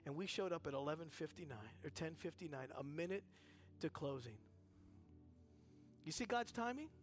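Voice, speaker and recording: A man speaking at a church service, telling a story in an animated, conversational way and acting out the people in it. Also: a little high, moderate pace, faint music behind. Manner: energetic and conversational, acts out dialogue in the story. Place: church sanctuary.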